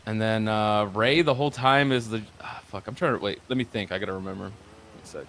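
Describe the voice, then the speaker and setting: A man's voice: fairly low pitch, a little fast, a bit bright, a little hiss or hum. Man rambling through a profane story. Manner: rambling, profane, quotes others back and forth. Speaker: streamer recounting a roleplay session. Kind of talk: casual storytelling.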